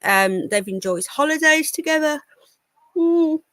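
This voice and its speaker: A livestream news host from the United Kingdom, sounding tired and yawning, speaks in a mid-range, sharp voice at a measured pace. She gives blunt opinions and reads chat comments on her casual stream, with no room sound.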